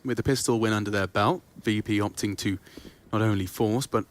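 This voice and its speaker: A man's voice: lowish voice, steady tone, brisk. Man giving analytical esports color commentary.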